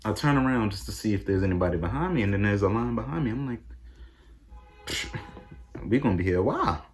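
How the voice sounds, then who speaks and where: A young man tells a casual vlog story and acts out his own reactions, jumping into high-pitched exclamations. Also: animated, fast, darkish tone. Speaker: vlogger.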